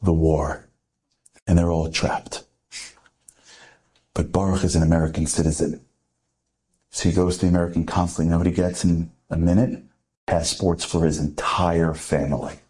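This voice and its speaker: A man giving an inspirational storytelling talk to a live audience, animated, with rhetorical questions and acted-out dialogue. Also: sits low, normal speed, long pauses, husky. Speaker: inspirational speaker.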